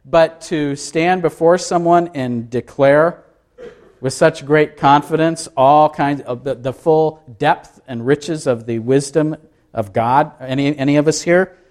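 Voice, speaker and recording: A man's voice: a little high, unhurried, darkish tone. A man preaching a sermon, emphatic and asking the congregation questions. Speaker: pastor.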